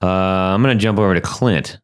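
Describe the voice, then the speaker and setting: Smooth low-voiced male podcast host. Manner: easygoing, quick to laugh. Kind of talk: casual podcast interview.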